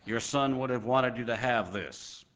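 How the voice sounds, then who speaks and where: A man voicing an earnest young male soldier who speaks softly and deliberately, in a sermon story. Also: mid-range voice, natural voice.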